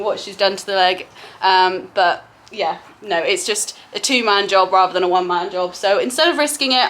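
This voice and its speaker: With a slightly high, somewhat bright voice, a young woman who runs a horse yard vlogs her day at the outdoor stables. She chats casually to the camera and fondly addresses her horses, picked up by the camera mic, no clip-on.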